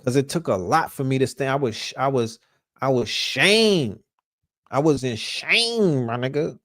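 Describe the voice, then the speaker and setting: A man from Brooklyn with a New York accent, hosting a podcast and telling stories in a casual, profane, animated way, often restarting his words. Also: medium pitch, measured pace, no echo, clean studio sound. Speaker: podcast host. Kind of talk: casual storytelling.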